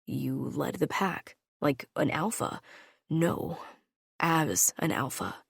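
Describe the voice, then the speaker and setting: A woman voicing a gruff, brooding male wolf-shifter alpha in an audiobook, speaking curtly in a low, grim tone. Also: expressive, measured pace, darkish tone, no echo, clean studio sound, heavily acted.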